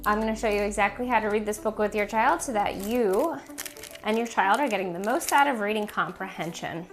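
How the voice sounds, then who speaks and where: A woman walks through a children's book in an instructional video, speaking in a relaxed, conversational way. Her voice sits at an average pitch and she often pauses with fillers. Faint background music plays under her. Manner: casual, conversational, many fillers like "like" and "um". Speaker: reading teacher.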